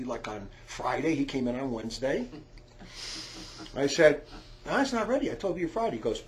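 A man telling a long, rambling story in a loud, heated way, often shouting and stumbling over restarts. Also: fairly high pitch, slight background noise. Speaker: storyteller on a talk recording.

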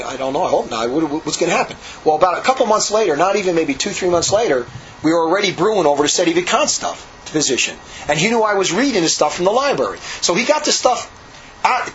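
A man with a high voice rushes through a rambling story, repeating himself and restarting sentences as he goes. He talks like a monk remembering life at his monastery. The recording is slightly muffled, with a faint hum behind him. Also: very animated, fairly bright tone. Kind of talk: casual storytelling.

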